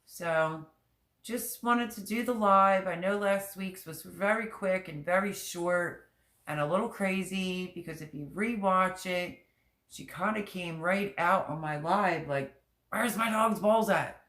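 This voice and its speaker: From her home, a middle-aged woman hosts a casual livestream chat in an echoey room. Her fairly low, slightly bright voice is unhurried as she rambles candidly and emotionally, repeating herself.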